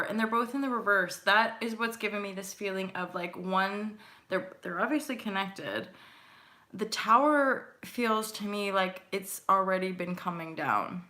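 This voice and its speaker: A woman hosts a casual live stream and talks her viewers through a tarot reading. Her voice is bright and forward, and she rambles and chats, drops in the odd swear word, and laughs easily. The sound comes through a webcam mic. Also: mid-range voice, measured pace. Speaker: host doing live intuitive tarot readings.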